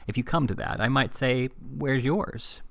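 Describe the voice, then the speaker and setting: A man's voice: mid-range voice, unhurried, gravelly, a bit bright, pitched above the performer's own voice. A man reading as a crude, evasive schoolmaster. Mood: uneasy. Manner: evasive, pleading, fidgety. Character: crude, uneasy male schoolmaster.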